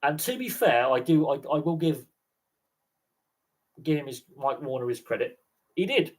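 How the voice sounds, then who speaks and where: A man's voice: a little high, animated, moderate pace, low-quality recording. A man, chatting casually on a livestream and telling rambling stories with frequent laughs. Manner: rambling storyteller, laughs often. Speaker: sports channel host.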